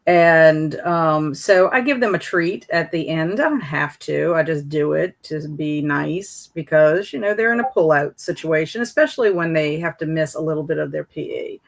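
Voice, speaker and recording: A woman's voice: deep voice, normal speed, vocal fry, few pauses. A middle-aged woman, chatting casually with viewers on her livestream and telling stories from teaching. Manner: chatty, reads out viewer comments. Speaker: host of a livestream.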